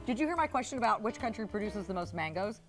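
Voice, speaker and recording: A woman's voice: medium pitch, expressive, fast talker, soft background music. A woman hosting a live home shopping show, chatty and talking while tasting food. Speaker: shopping channel host. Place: TV studio kitchen set.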